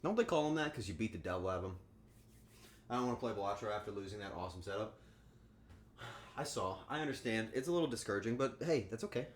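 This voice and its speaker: A man chatting with his livestream viewers while he cooks, crude and joking. His pitch jumps around a lot as he talks. The room sounds echoey, with a faint hum of ambience behind him. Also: expressive, fast, long pauses. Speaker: streamer. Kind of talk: casual livestream chat while cooking.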